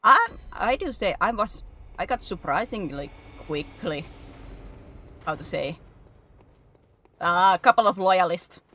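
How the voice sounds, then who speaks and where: A woman's voice: lowish voice, animated, measured pace, long pauses, pushed and bright. A woman hosting a gaming stream, chatting casually with friends in a giggly, teasing, restless way. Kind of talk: casual chat while gaming. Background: game music.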